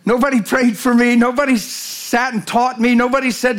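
A man, preaching as a guest speaker in a folksy storytelling way that rises to shouted emphasis. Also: very high voice, normal speed, hardly any pauses. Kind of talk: sermon.

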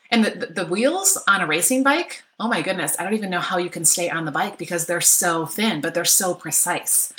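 A woman's voice: on the low side, sharp tone, reverberant. A middle-aged woman coaching an online workshop, upbeat and chatty, often checking in with "right?". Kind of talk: live online workshop talk. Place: home office.

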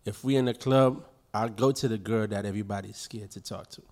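A man's voice: fairly low pitch, fairly even intonation, fairly quick, a little mellow. A man co-hosting a casual podcast, talking in a brash, confident, slangy way. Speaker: podcast co-host. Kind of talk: casual group chat.

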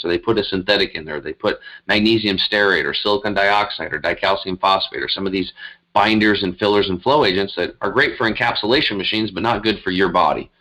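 A man's voice: on the low side, fairly bright tone, poor audio. A middle-aged man, a health coach, telling his story in a rambling, earnest way, with many fillers and restarts. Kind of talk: casual interview storytelling.

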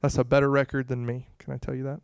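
A man preaching a conversational sermon to a congregation, swinging between hushed and loud passages, with frequent "you know" asides. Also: mid-range voice, monotone, fast talker, gravelly, smooth, no room sound, clean studio sound. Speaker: pastor.

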